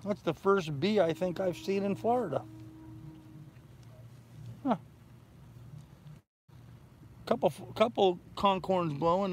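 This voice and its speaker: A man's voice: high-pitched, gravelly, a little hiss or hum. An older man chatting casually on a live stream from his boat in a bay, telling rambling stories. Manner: rambling storyteller. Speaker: sailing vlogger.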